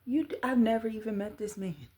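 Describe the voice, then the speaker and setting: A woman in her thirties telling a personal story to the camera, earnest and animated as she retells it. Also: fairly high pitch, fairly quick. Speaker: vlogger.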